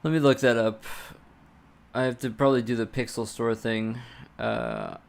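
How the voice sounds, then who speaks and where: A man's voice: medium pitch, fairly even intonation, normal speed, creaky, clean tone. A man live-streaming his game engine coding, thinking aloud, muttering to himself and swearing casually.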